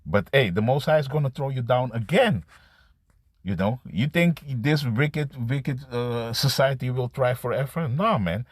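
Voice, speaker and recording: A man preaching an improvised scripture sermon to camera. He talks in a halting, repetitive way, restarting words and tagging lines with "man" and "you see.". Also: mid-range voice, animated, slightly rough, dry recording. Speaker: street-style preacher.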